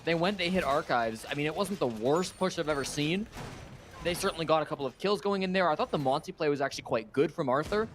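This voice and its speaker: A man's voice: on the high side, expressive, quick pace, fairly bright tone, slight background noise. A man giving esports color commentary, breaking down plays in a conversational, analytical way.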